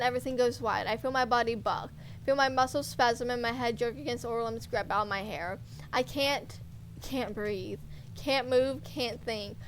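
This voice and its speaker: A woman's voice: fairly high pitch, slight background noise, rough recording. A woman streamer reading a horror visual novel aloud in first person, intense and dramatic, with offhand asides.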